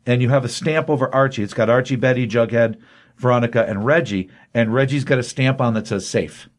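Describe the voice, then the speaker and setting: A male comics podcast host walks through a plot in loose, rambling chat full of fillers. His voice sits at an average pitch, and his energy is easygoing and enthusiastic. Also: a little fast.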